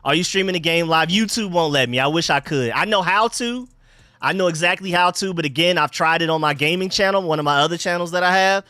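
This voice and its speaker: A young man from Atlanta hosting a casual sports live stream, reading out chat shout-outs in loose slang. He repeats phrases and swings between hyped calls and low mumbles. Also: fast talker, clear, resonant tone, dry recording. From Atlanta, Georgia. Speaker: livestream host.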